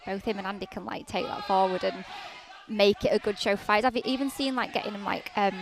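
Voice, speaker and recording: Yorkshire woman chatting as a guest, lots of likes and ums, middle pitch. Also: fairly even intonation, quick pace, gravelly. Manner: chatty, leans on "like" and "um". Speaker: guest, fighter's partner. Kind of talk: casual interview chat.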